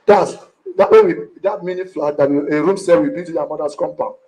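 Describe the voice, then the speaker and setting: Guy rushing his words at a mediation, stammers a lot, pretty high voice. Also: a little mellow, low-quality recording. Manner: rushed, stammering, repeats words. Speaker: complaining husband in mediation. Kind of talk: emotional testimony in mediation.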